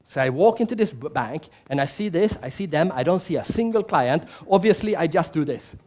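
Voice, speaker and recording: Animated high-voiced man telling stories on stage. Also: brisk. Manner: animated storyteller, asks the audience questions, acts out quotes. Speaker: keynote speaker. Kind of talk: storytelling keynote speech. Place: large conference hall.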